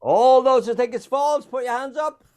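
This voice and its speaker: A man's voice: very high-pitched, moderate pace, darkish tone. An older man hosting a playful true-or-false quiz over a video call, teasing his guests and laughing often. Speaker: quiz host.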